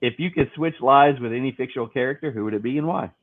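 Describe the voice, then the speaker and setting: Male co-host, upbeat, runs rapid quiz questions, thin dry phone-line audio. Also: medium pitch, dry recording. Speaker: podcast co-host. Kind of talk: casual chat, asking quiz questions.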